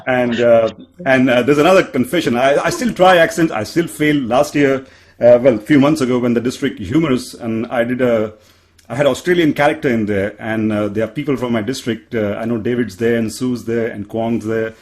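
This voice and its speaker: A man's voice: mid-range voice, a little fast. An earnest man with an Indian accent speaks on a panel in an ordinary mid-range voice. He keeps restarting his sentences and pokes fun at himself as he makes his points. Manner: earnest, self-deprecating, frequent restarts. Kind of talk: panel discussion answer.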